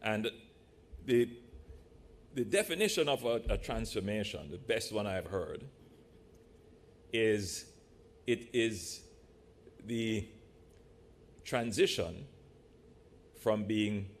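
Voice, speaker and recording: A man from Jamaica, a politician giving a measured, deliberate speech to a live audience in a large church hall, with playful asides. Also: fairly low pitch, expressive.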